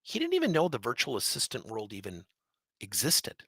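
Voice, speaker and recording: A man leading a leadership training session, telling a coaching story with animated, acted-out dialogue. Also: medium pitch, fairly quick, slightly rough, dry recording.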